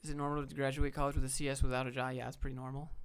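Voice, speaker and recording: A man's voice: mid-range voice, very fast, clean tone. A man hosting a livestream, chatting casually and bluntly about job hunting and reacting to viewers. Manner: relaxed, blunt, swears casually, talks to chat. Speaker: livestream host giving job advice.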